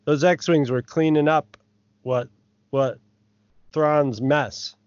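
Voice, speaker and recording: A man chats loosely on a podcast, his sarcasm coming through in easy, joking remarks. His voice sits a bit high. The recording is dry and dull. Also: steady tone, slow pace, darkish tone, no room sound. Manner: sarcastic, mocking impressions. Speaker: podcast co-host. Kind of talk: casual chat. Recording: dry, lo-fi audio.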